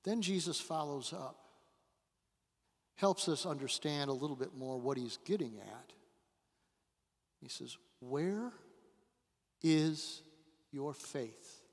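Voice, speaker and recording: Slow-preaching man in a reverberant church. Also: medium pitch, creaky, breathy edge. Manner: dramatic storytelling with long pauses and swings in volume. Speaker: guest pastor. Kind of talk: sermon. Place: church sanctuary. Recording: church hall with long reverb.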